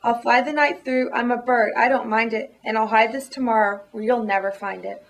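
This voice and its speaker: A man's voice: very high voice, steady tone, a little fast, gravelly, fairly bright tone, recorded from a distance, heavily acted, poor audio. A woman reading the part of a mean, sneering male eagle.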